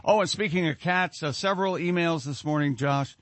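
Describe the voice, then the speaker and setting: A man with a voice on the high side hosts a casual morning radio show at a brisk pace, with no echo. He jokes and teases with his co-hosts and reads listener emails aloud.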